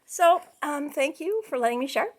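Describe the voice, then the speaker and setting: A woman's voice: high voice, lively intonation, moderate pace. A middle-aged woman from Canada giving a class case presentation as a counseling student, chatty and full of fillers, laughing often.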